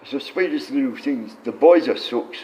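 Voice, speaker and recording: A man's voice: medium pitch, lively intonation, normal speed, mellow, a little hiss or hum, poor audio. A man chatting casually on a livestream, rambling and swearing freely.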